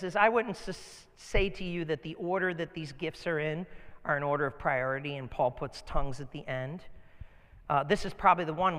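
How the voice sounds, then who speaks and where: A man preaching a sermon as pastor, telling stories in a casual, animated way in a church. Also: a little high, in a large hall.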